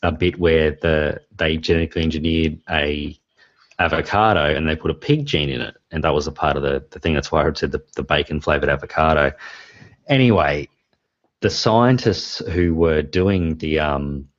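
A man's voice: extremely low pitch, steady tone, moderate pace, no echo. A man in his forties, a podcast host who tells rambling stories and laughs often. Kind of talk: casual chat. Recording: dry, dull lo-fi sound.

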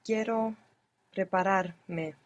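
A woman's voice: medium pitch, slow, dull audio. A woman taking a language lesson as a student, giving short, careful answers.

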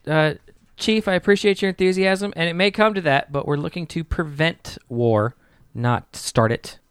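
A man with a smooth, resonant voice serves as game master and speaks for the ship's captain in a tabletop role-play. He talks a little high for a man and stops often with small "uh" fillers. The sound is dry and close. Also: normal speed, a bit bright, dry recording. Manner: hesitant, many "uh" fillers.

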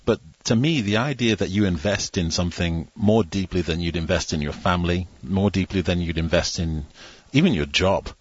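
A British guest with a very deep, husky voice, speaking in a dry, self-deprecating way. His voice comes over a dull, dry line. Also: normal speed, no room sound. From Britain. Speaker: guest, broadcaster.

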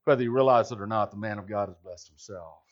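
A man's voice: lowish voice, quick pace. A man preaching a sermon as a pastor, emphatic and full of rhetorical questions. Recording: slightly dull lo-fi recording.

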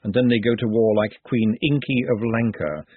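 A man voicing a calm, dry-witted male city ruler who speaks in a measured, wry way. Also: lowish voice, husky, dry recording. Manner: measured, wry, drily amused. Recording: dry, phone-like narrow sound.

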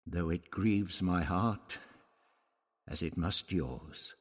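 A man's voice: low-pitched, extremely slow, slightly rough, long reverb tail, heavily acted. A man voicing a grave older male priest who speaks sorrowfully, in an audiobook reading.

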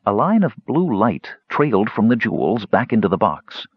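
A man narrating a fantasy audiobook in a dramatic, animated storytelling manner, in a dull lo-fi recording. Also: lowish voice, normal speed, husky, dry recording.

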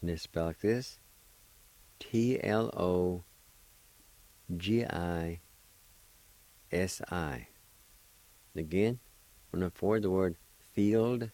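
A man's voice: deep voice, extremely slow, pauses often, warm tone. An older man with a Cherokee-speaking Oklahoma accent, patiently teaching vocabulary on a radio show, spelling and repeating each word syllable by syllable. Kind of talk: slow spelled-out language lesson.

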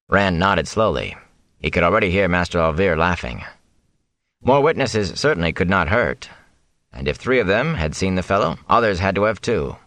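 A man narrating an audiobook in a lively, expressive storytelling manner. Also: low voice, moderate pace, dry recording. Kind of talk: scripted narration.

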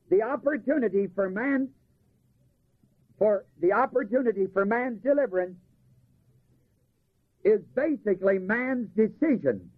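Male preacher, husky and high, lively rise and fall, asks the room to finish his lines, tinny old recording. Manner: asks the congregation to fill in words, slows to stress key phrases. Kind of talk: sermon.

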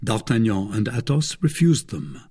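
A man narrating a classic adventure novel in a steady, even reading voice. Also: on the low side, normal speed, breathy edge. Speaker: audiobook narrator. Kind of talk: scripted narration.

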